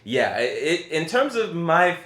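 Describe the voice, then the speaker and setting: A man's voice: on the high side, very animated, measured pace, a bit bright. A man co-hosting a casual film review podcast, talking hesitantly with many restarts and trailing-off phrases. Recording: echoey room.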